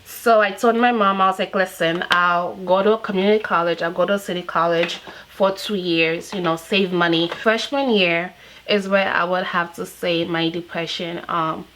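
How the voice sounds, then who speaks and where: A woman's voice: lowish voice, fairly even intonation, moderate pace, a bit bright, a little hiss or hum, rough recording. A young woman in her twenties from Nigeria, speaking candidly and emotionally in a personal vlog, with frequent fillers. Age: 20s. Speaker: vlogger.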